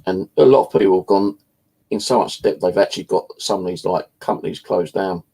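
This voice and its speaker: A man's voice: sits low, fairly quick, warm tone, breathy edge, rough recording. A British man telling a story in a casual, blunt way, swearing freely as he talks. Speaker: channel host.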